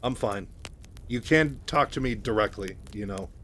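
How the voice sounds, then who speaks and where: Brief: cold curt female telepath, read by a man in his own low voice. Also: moderate pace, fairly bright tone, a little hiss or hum, lightly acted. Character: hardened woman telepath, cold and guarded.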